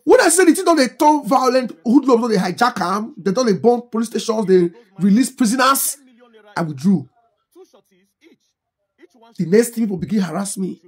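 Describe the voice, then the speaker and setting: A middle-aged Nigerian woman speaks in a thick Pidgin English accent, her voice pitched high and husky. She lectures and scolds with fervour, firing off one rhetorical question after another as she comments on current affairs. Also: expressive, moderate pace, long pauses. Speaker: social media commentator. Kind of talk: impassioned political commentary.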